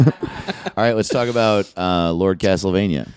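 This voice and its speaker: A man co-hosting a comedy podcast, tossing out deadpan absurd jokes in casual chat. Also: deep voice, moderate pace. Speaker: podcast co-host.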